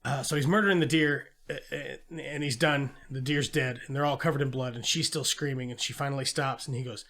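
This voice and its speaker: A man's voice: mid-range voice, fairly quick, hardly any pauses. A man co-hosting a casual movie podcast, retelling scenes with lots of swearing and acting out the characters' lines. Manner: animated retelling with acted-out quotes and swearing. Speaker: podcast co-host. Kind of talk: casual movie review chat.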